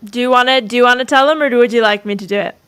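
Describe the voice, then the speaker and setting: A woman's voice: fairly high pitch, very fast, a bit bright, smooth. A woman hosting a livestream interview, prompting her guests in an encouraging, conversational way. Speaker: livestream host.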